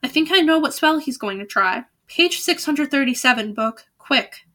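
A woman voicing a fussy, bossy wizard father in a storybook read aloud, talking in a hurried way. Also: sits high, animated, pushed and bright.

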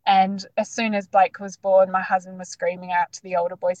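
A woman A woman in her thirties tells her story in a loose, animated, chatty way, with "like" dropping into nearly every sentence. Her voice sits at an ordinary middle pitch and sounds close and dry, with no room around it. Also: fairly quick, no room sound, lo-fi sound. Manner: chatty, animated, lots of "like" fillers. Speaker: guest sharing her birth story. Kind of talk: casual storytelling.

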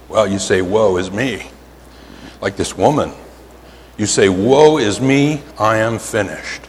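Pennsylvania preacher in a reverberant hall. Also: male voice, medium pitch, a little hiss or hum. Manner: animated storytelling, drawn-out emphatic words, frequent "right?". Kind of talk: sermon. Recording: hall reverb, faint ambience.

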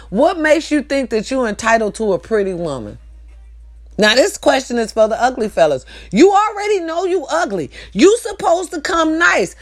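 A woman delivering a profane, scolding comedic rant straight to her audience. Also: fairly high pitch.

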